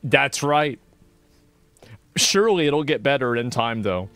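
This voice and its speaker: A man's voice: medium pitch, lively intonation, a little slow, pauses often, fairly bright tone, smooth, no echo. A man streaming a casual reaction commentary, rambling and swearing with many fillers as he argues and explains his point of view.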